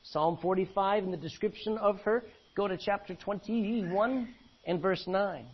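Husky preacher swinging loud and soft. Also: male voice, measured pace. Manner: swings between loud emphasis and low quiet lines; reads old-fashioned scripture aloud. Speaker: pastor. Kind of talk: sermon. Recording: dull lo-fi recording.

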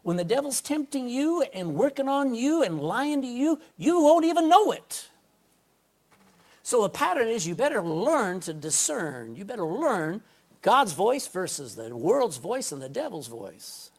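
A man preaching a sermon to a congregation, folksy and emphatic, often calling for an amen. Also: high-pitched. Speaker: pastor. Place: indoor room with a congregation.

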